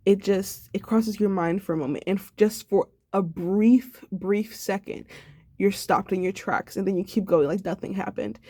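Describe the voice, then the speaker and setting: A woman's voice: mid-range voice, normal speed, dark tone, no echo. A sad, subdued young woman in a personal video diary, talking reflectively and rambling with many fillers. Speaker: vlogger.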